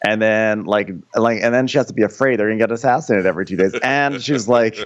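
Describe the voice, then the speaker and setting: A man co-hosting a podcast, chatting casually in a rambling, halting way with many restarts while recapping a TV episode. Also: fairly low pitch, dull audio. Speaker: podcast co-host. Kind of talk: casual comedic recap chat.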